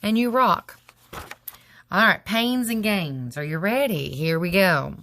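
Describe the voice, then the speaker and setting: A woman's voice: mid-range voice, lively intonation, takes it slowly, fairly bright tone, slight background noise. A woman teacher going over worksheet answers, patient and encouraging, sounding out words syllable by syllable.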